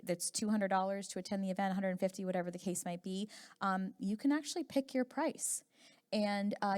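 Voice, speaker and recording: A woman's voice: medium pitch, a little mellow. A woman speaking as a panelist, hesitant with many fillers and restarts. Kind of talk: panel discussion.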